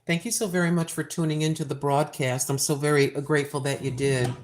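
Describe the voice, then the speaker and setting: A woman in her sixties hosting a cooking livestream, chatting in a folksy way and repeating her points slowly for emphasis. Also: low-pitched, fairly even intonation. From United States. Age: 60s. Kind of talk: casual livestream chat.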